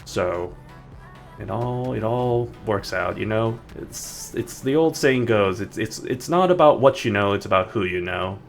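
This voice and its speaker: A man's voice: on the low side, lively intonation, unhurried, vocal fry. A man streaming a game, chatting casually in a rambling way with many restarts. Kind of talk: casual gaming stream chat. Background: faint background music.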